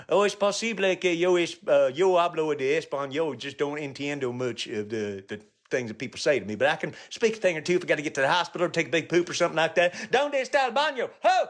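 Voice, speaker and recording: Middle-aged male comic, slightly high voice, crude riffing with live viewers, low mutters and sudden high yelps. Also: fast talker, few pauses. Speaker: comedian live-streaming. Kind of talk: rambling live-stream banter with viewers.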